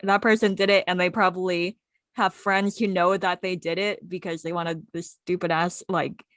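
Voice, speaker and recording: A woman's voice: lowish voice, flat delivery, normal speed, a bit bright, no echo, studio quality. A woman co-hosting a podcast, reacting to her friend's story with blunt, supportive comments and swearing. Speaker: podcast co-host. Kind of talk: casual chat.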